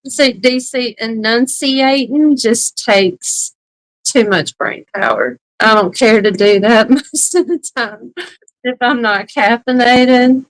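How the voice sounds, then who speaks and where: A woman co-hosts a casual chat at a slow, unhurried pace and laughs often. Her voice sits a little high. The sound is dry and close. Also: no room sound, poor audio. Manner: laughs often, drawn-out speech. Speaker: co-host.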